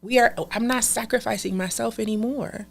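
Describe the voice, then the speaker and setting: A woman's voice: fairly high pitch, fairly even intonation, moderate pace, gravelly. A woman talking as a podcast guest, telling her story in a casual and emphatic way.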